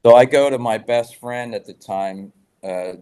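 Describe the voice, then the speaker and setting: A man's voice: medium pitch, measured pace, dark tone, clear, resonant tone. A man guest telling rambling rock-scene stories in a casual interview, swearing freely. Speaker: guest musician.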